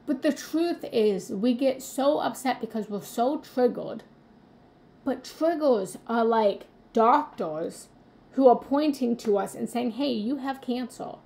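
A woman's voice: fairly high pitch, expressive, slow pace, mellow. A woman hosting a live motivational talk as a spiritual coach, speaking earnestly and confessionally and addressing her viewers directly.

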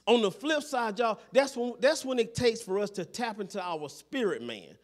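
A man's voice: extremely high pitch, animated, moderate pace, few pauses. A man preaching a sermon as pastor in a church, constantly checking in with the congregation and repeating his phrases.

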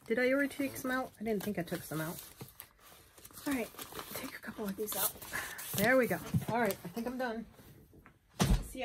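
A woman's voice: mid-range voice, darkish tone, a little hiss or hum. A woman chatting casually through a crafting vlog at home, rambling and poking fun at herself with frequent little laughs. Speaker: journaling crafter.

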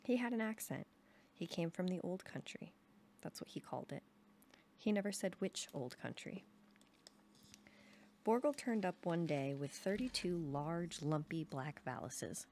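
A young adult woman calmly reading a novel aloud in an even storytelling manner. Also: fairly low pitch, a little slow, a little hiss or hum. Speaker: reader.

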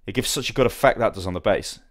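A man's voice: lowish voice, fast. A young man chatting casually with his live-stream viewers as he assembles a model, rambling and greeting them by name.

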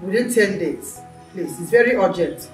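A woman's voice: medium pitch, faint music behind, natural voice. A woman playing a bossy mother. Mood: impatient. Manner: firm, bossy, quick to scold. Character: strong-willed middle-aged mother planning her son's wedding. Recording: echoey room, mic at a distance.

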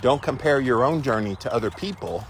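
A man's voice: mid-range voice, expressive, brisk, a little hiss or hum. Chatty man livestreaming outdoors. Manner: chatty, emphatic, greets viewers by name. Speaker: livestream host. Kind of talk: casual livestream chat. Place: outdoors near chickens. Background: chickens clucking.

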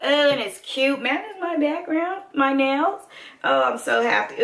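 Woman beauty vlogger, excitable and chatty, unhurried delivery, roomy echo. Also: high-pitched. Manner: animated, excitable, addresses viewers as y'all. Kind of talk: casual unboxing chat. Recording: echoey room.

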